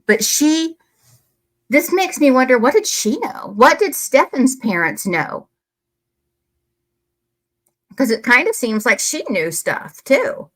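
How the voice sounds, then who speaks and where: A woman talks to her viewers in a casual, heated way, blunt and quick to swear. She sits close to a desk microphone while she reads and reacts to messages. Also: high-pitched, big pitch swings, fairly bright tone. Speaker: true crime commentator. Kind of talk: casual commentary reading emails.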